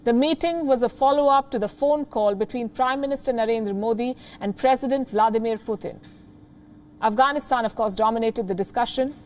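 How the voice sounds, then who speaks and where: A woman's voice: a little high, a little fast, a little mellow, a little hiss or hum. Woman in her 30s, Indian English accent, news anchor, scripted commentary with a pointed, rhetorical edge.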